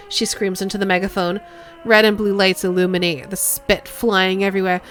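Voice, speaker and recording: A woman streamer reading a video game's text aloud in a lively way, with casual remarks of her own. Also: medium pitch, fairly quick, soft background music.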